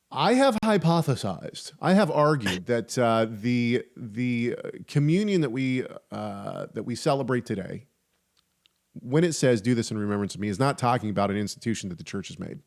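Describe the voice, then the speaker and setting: A man's voice: lowish voice, vocal fry. A man hosting a podcast, discussing theology casually with frequent restarts and wry humor. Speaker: podcast host.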